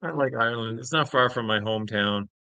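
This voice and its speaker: A man's voice: mid-range voice, a little fast, pushed and bright, clean tone, no room sound. A man hosting a casual live-stream chat, reading viewer comments aloud and laughing. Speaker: podcast host.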